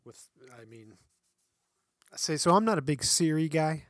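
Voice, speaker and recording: A middle-aged man chats on a podcast in a slightly high voice with wide swings of pitch. He rambles and mocks himself with frequent laughs. The sound is dry and close, with no room echo. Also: animated, moderate pace. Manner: rambling and self-mocking, laughing often. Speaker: podcast co-host. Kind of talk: casual podcast chat.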